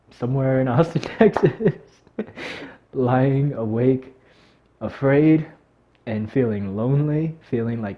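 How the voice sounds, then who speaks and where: A man speaking to camera in a vlog, teary and on the edge of crying, talking in an emotional, halting way. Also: medium pitch, mellow. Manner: emotional and halting, breaking into nervous laughs. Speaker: vlogger. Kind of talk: heartfelt talk to camera.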